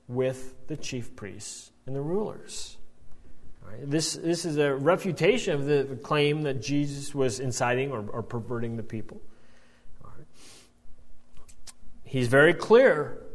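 A man teaching verse by verse from the Bible, explaining as he goes and often checking in with his listeners. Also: on the high side. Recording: long hall reverb.

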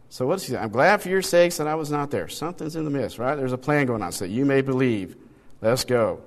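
Man teaching Bible study in reverberant hall. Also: medium pitch. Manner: conversational, asks rhetorical questions, reads passages aloud.

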